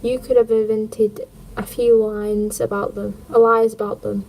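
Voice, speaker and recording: A woman's voice: mid-range voice, flat delivery, unhurried, darkish tone, poor audio. A woman reading a history book aloud on a livestream, adding wry jokes and puns. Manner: jokey, punning, wry asides.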